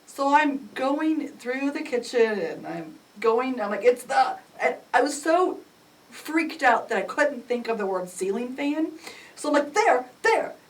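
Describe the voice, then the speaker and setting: A middle-aged woman recounting a family crisis in an emotional, animated way, acting out the dialogue with sudden jumps in pitch. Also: measured pace. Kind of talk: emotional personal storytelling. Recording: distant mic with faint ambient noise.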